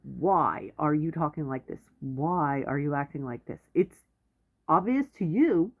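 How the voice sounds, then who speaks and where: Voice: medium pitch, lively intonation, a little slow, breathy edge. Blunt rambling advice-giver, tinny audio. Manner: rambling, self-interrupting, blunt. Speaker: advice vlogger. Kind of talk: casual advice monologue.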